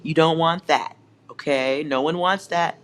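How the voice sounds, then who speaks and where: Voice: medium pitch, measured pace, clean tone. A tarot reader giving a collective reading at home, speaking straight to viewers in a teasing, sarcastic way and laughing often.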